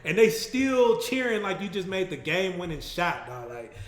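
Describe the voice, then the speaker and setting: A man hosting a casual chat, relaxed and agreeable. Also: high-pitched, normal speed, roomy sound. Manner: relaxed, agreeable, laughs along. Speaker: podcast host.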